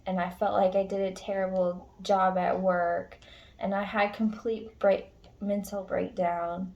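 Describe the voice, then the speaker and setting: A woman's voice: mid-range voice, flat delivery, moderate pace, a little mellow, dull audio. A woman tarot reader speaking casually and emotionally to her viewers, frank and earnest, swearing now and then. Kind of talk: casual spiritual pep talk to viewers.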